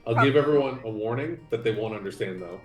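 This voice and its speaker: A man playing in a tabletop game, talking in a drawling, deadpan way. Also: mid-range voice, fast, reverberant, soft background music. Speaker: player. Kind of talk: casual tabletop game play.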